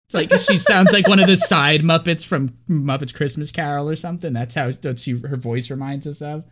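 Fairly high-pitched and fairly bright, this male co-host talks at a fairly quick clip on a relaxed movie podcast. He goes off on tangents full of fillers and sometimes puts on mocking character voices.

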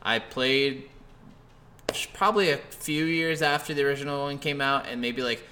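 A man's voice: mid-range voice, moderate pace, pushed and bright, a little hiss or hum. A man with a mid-range voice talks casually on a podcast. He is laid-back and swears now and then. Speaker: podcast co-host. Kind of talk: casual chat.

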